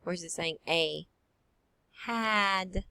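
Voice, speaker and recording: A woman's voice: lowish voice, slow, pushed and bright. A woman teacher leading a phonics lesson for young children, drawing out each sound in a sing-song way.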